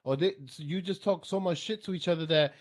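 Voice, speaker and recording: A man's voice: sits high, brisk. Laid-back man peppering talk with "bro". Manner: laid-back, profane storytelling with frequent "bro". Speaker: podcast co-host. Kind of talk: casual chat.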